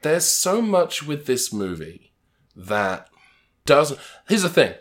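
A man's voice: on the high side, big pitch swings, slow, a bit bright. A man co-hosting a podcast in casual comedic chat, given to wry, mock-grandiose rants. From England. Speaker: podcast co-host.

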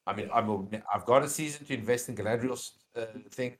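A man's voice: medium pitch, quick pace. Podcast guy rambling his take, lots of ums and restarts, gets pushy when arguing. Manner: rambling, hesitant, with many fillers and restarts; opinionated and emphatic when arguing. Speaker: podcast co-host. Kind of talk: casual chat.

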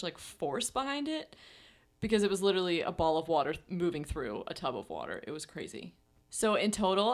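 A young woman with a slightly low voice tells a long personal story in a relaxed conversational way. Her speech runs loose and chatty, packed with "like" and "you know", and laughs often break in. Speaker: podcast co-host. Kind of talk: casual storytelling chat.

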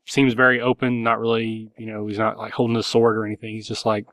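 A man's voice: on the low side, completely flat delivery, quick pace, fairly bright tone, dry recording. A man narrating a tabletop game as game master, loose and rambling with many fillers.

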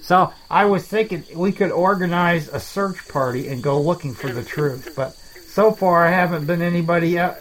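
A man voicing a rambling, self-deprecating alligator in a swamp, talking in halting starts in a comedy dialogue. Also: fairly high pitch, close to an everyday voice, low-quality recording. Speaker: main character of a comedy podcast.

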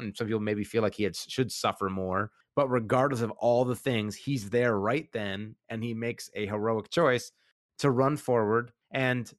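A man's voice: lowish voice, moderate pace, no room sound, studio quality. A man in casual chat recapping a TV episode, rambling and enthusiastic with lots of fillers.

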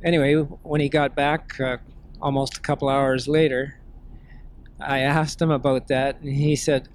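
A man being interviewed, recounting family memories in a gentle, unhurried way. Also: medium pitch, flat delivery. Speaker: interview guest. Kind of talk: storytelling in an interview.

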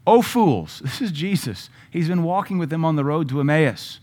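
A man's voice: on the high side, a little fast. Emphatic middle-aged male preacher. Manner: emphatic, rising to loud bursts when quoting scripture. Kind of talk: sermon.

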